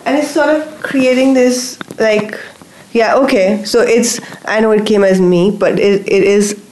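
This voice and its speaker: A woman's voice: medium pitch, steady tone, a little slow, darkish tone, a little hiss or hum, low-quality recording. A woman talking as a guest on a coaching show, hesitant and full of restarts as she opens up. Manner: hesitant, many fillers and restarts while opening up. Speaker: guest receiving facilitation. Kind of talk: casual conversation.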